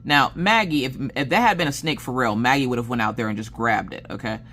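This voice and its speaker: A woman chatting casually on her craft channel, telling animated stories and laughing as she goes. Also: quick pace. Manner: animated, acts out quoted dialogue with big pitch jumps. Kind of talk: casual chat storytelling.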